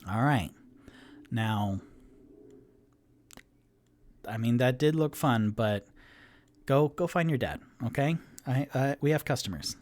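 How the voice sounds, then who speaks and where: A man's voice: medium pitch, animated, takes it slowly, long pauses, darkish tone. A man voicing a loving but firm halfling mother in a tabletop game, talking in a scolding, motherly tone with a raised voice.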